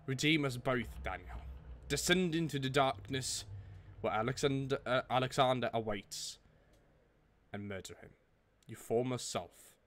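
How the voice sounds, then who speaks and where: Man doing a put-on British accent for a solemn letter, measured. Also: medium pitch, a bit bright, natural voice. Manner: grave, measured reading. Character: solemn young man writing a note to himself.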